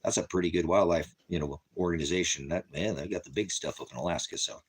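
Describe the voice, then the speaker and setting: A man's voice: low-pitched, fast talker, husky. A middle-aged man running a ministry livestream, talking to his chat in a profane, combative, taunting way. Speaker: ministry host.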